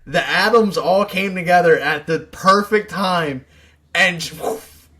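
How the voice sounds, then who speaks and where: Animated, slang-heavy male storyteller. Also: high-pitched, unhurried. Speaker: podcast co-host. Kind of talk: casual chat.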